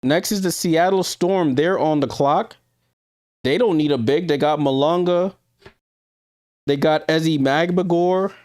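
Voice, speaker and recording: A man's voice: on the high side, unhurried, a little mellow, no room sound, studio quality. A man with a New York accent hosting a live stream, giving casual reaction commentary, thinking aloud and talking to his viewers with hesitant ums. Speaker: livestream host.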